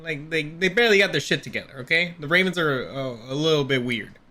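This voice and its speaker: A man with a bright, forward voice talking football in a relaxed, teasing way. His pitch sits a little high, and he keeps the tone playful. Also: fast talker. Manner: teasing, joking. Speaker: podcast co-host. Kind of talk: casual sports chat.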